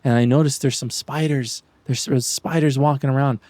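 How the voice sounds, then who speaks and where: A man talks through his photo walk in a loose, joking way, poking fun at himself and playfully daring his viewers. His voice is mellow and relaxed, and it sits close and dry with no room around it. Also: mid-range voice, moderate pace, no echo. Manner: rambling, self-mocking, playful mock-taunting. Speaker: street photography vlogger. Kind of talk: casual joking commentary.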